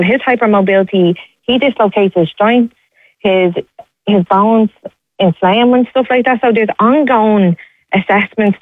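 A woman's voice: mid-range voice, no echo. A young Irish woman calling into a radio show, talking urgently and pleading, repeating herself. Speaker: radio caller. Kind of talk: emotional phone-in call. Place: outdoors waiting outside a hospital. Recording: tinny phone line.

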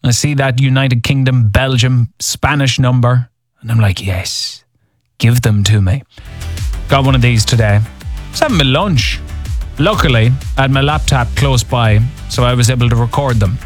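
A man's voice: medium pitch, moderate pace, faint music behind. A man hosting an evening radio show, telling a wry story in a casual, chatty way. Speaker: radio host. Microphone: studio microphone.

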